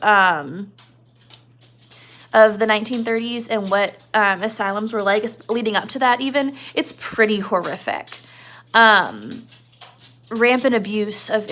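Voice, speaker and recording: A woman's voice: medium pitch, gravelly, fairly bright tone. A woman teacher giving a casual literature lesson, explaining in a chatty way with many fillers.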